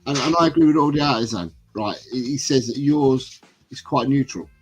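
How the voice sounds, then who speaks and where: A man's voice: mid-range voice, fairly quick, soft background music, low-quality recording. A man hosting a casual football livestream, reading chat comments aloud and rambling between them. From England. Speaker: livestream host.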